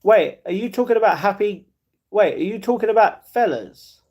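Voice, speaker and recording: A man's voice: high voice, expressive, normal speed, highs cut off. A man live streaming, chatting casually and reading viewer comments aloud, often laughing.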